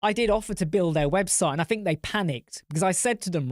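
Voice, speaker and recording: A man's voice: sits high, fast, few pauses, dry recording, studio quality. Blunt, profane man hosting a live chat. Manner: ranting anecdotes, answers chat comments. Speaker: host. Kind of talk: casual live-stream chat.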